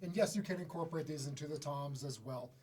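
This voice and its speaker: Man, drum teacher, casual lesson, laid-back talk, throat clearing, fairly high voice. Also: quick pace, a little hiss or hum. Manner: relaxed and conversational, often clears his throat. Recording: drum kit playing loudly around the talk. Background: snare, bass drum and hi-hat played by the speaker.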